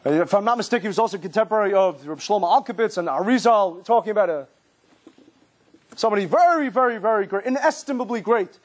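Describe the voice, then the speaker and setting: A man who is a rabbi, giving a lively sermon-style lecture with emphatic repetition and vivid storytelling. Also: sits high, quick pace.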